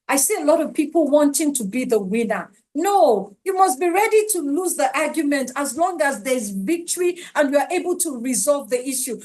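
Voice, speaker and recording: Emphatic Nigerian woman, high voice. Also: a little mellow. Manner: emphatic, pleading, preachy. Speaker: parenting speaker. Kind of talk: webinar talk.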